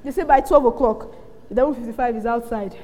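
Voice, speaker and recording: A woman's voice: on the high side, quick pace. A woman pastor preaching a sermon, telling stories and acting out the people she quotes. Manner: animated storytelling, acting out quoted voices, frequent laughter. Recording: long hall reverb.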